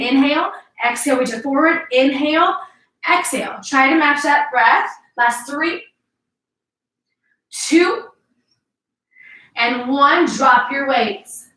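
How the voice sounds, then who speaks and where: Speaking at a moderate pace in a high, slightly bright voice, a woman coaches a workout class and cues every move. She stays upbeat and encouraging though at times she's out of breath. Her setting is an indoor home workout space, captured by a distant mic with a roomy echo.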